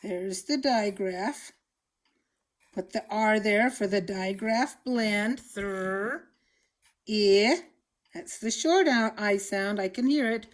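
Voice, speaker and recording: In a mid-range voice, a woman leads a phonics lesson for children, going through words patiently and slowly while enunciating clearly.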